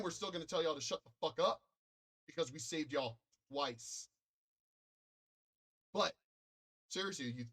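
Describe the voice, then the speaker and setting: A man's voice: on the high side, fairly bright tone. An American man in a profane, combative and boastful ranting monologue, commenting online. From United States.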